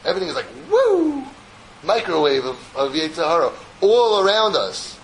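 A man giving a Torah lecture to a group as rabbi, an animated storyteller who slips in jokes. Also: fairly high pitch, a little fast, creaky, slight background noise, low-quality recording.

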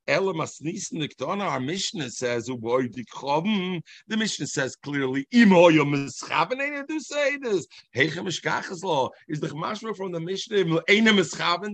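A man leads a Talmud class in a high voice that swoops up and down as he chants through each passage. He explains with animated energy and slips Hebrew and Yiddish terms into his talk. The sound is dry and close, with little room around it. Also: no echo. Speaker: Talmud teacher.

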